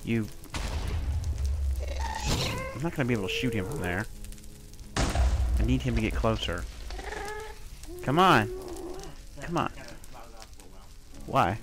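A man's voice: medium pitch, lively intonation, slow pace, pauses often, noisy background. A man giving casual, chatty gameplay commentary, talking to game creatures and swearing often. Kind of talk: casual let's-play commentary.

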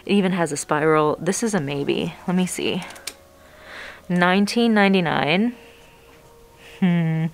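Young woman w/ a lowish voice, gushing about plants as she walks around a nursery. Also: a little slow, pauses often, faint music behind. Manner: gushing, excitable, narrating as she browses. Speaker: plant vlogger. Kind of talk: casual shopping vlog narration.

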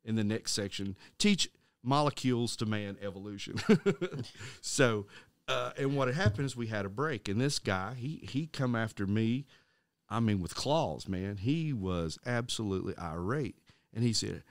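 A middle-aged man co-hosting a casual Christian podcast, telling a story with halting restarts and acting out the voices of the people in it. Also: fairly low pitch, animated, no echo. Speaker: podcast co-host.

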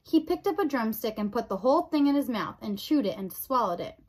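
A woman reading a children's novel aloud in an expressive storybook narration. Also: fairly high pitch, fairly quick, breathy edge, poor audio. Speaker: audiobook reader.

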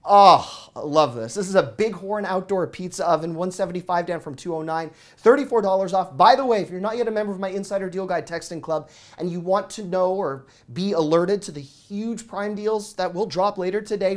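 A man in his thirties hosting a deals show, rattling off prices in an excited, auctioneer-like patter while he sweats. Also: high voice, fairly quick. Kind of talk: fast product deal rundown.

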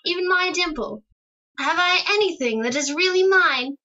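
Heavily acted and lo-fi, this clip features a woman's very high, animated voice with a bright, forceful tone at a moderate pace. She portrays a radio-drama teenage daughter putting her hair up, playful, affectionate, bubbly, and teasing.

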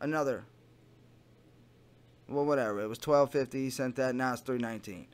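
A man hosting a comedy podcast, reading chat logs aloud and breaking off into low, muttered, swearing asides. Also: moderate pace, clean tone.

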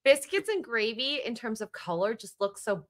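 A woman co-hosting a casual live stream, animated and laughing along with the others. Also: fairly high pitch, normal speed. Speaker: stream co-host. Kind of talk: casual chat.

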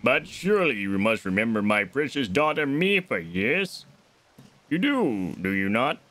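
A man's voice: mid-range voice, sing-song, unhurried, a bit bright. A man voicing a giant, regal old fish king, using formal old-fashioned speech. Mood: wistful. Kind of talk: voicing game dialogue on a stream.

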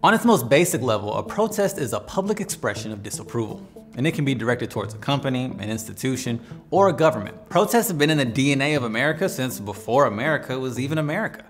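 A man's voice: mid-range voice, expressive, quick pace. A man hosting an educational explainer video in a playful, conversational way. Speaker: host. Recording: faint music behind.

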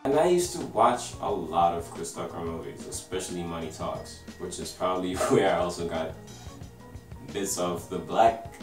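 Deep-voiced twenties vlogger with an American-sounding accent, laid-back rambling delivery, recorded a little off-mic with faint music behind. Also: male voice, normal speed, distant mic. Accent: American-sounding English. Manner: relaxed, rambling, full of "like". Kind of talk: casual storytelling to camera. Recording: roomy and a bit off-mic.

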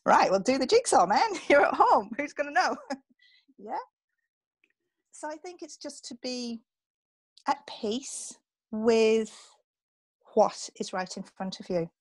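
A woman's voice: on the high side, slow pace, long pauses, dry recording. A woman, a relocation coach, giving upbeat advice in a casual interview. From England. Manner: upbeat, animated, coaching asides.

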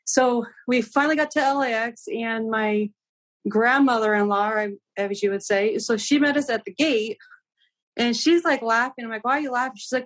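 A woman's voice: on the high side, normal speed. A young woman guest telling a travel story in casual chat, acting out the dialogue with lots of "like". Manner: animated, acts out quoted dialogue, many "like"s.

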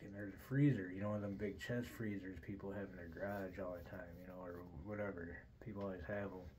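A man's voice: fairly low pitch, darkish tone, slight background noise, low-quality recording. A middle-aged man hosting a podcast, rambling through a casual story with constant swearing and "dude". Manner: profane, says "dude" constantly. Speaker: podcast host.

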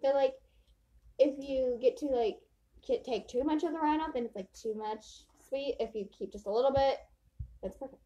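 In a hotel room, a woman vlogs her hot sauce tasting, giggling, chatting casually and listing things at length. Her high-pitched voice has a dark tone, and the audio sounds dull.

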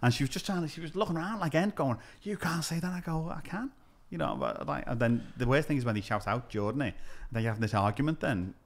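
A man's voice: medium pitch, fast talker, vocal fry, few pauses. A comedian with a Scouse accent, chatting casually on a podcast and acting out exchanges as he tells stories. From Liverpool, England. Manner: animated storytelling, acting out exchanges.

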